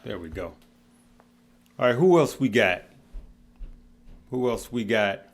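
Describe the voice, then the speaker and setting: A middle-aged man hosting a casual livestream, greeting viewers by name in a relaxed, heartfelt way. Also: lowish voice, slow pace. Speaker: livestream host.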